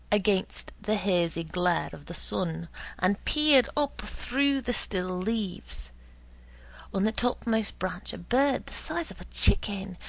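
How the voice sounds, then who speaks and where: A woman narrating a story in a slow, hushed way, often dropping to a whisper. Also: on the high side, creaky, husky, low-quality recording.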